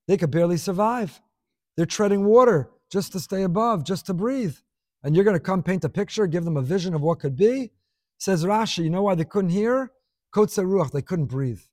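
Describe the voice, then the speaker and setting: A man's voice: fairly high pitch, dark tone, no room sound, studio quality. A man giving a Torah class, teaching expressively with rhetorical questions and scattered Hebrew and Yiddish terms.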